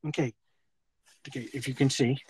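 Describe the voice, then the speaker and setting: A middle-aged man talking in a halting, rambling way with nervous laughter. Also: medium pitch, steady tone, darkish tone, slight background noise, poor audio. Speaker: confronted man. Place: parked car outside a fast-food restaurant.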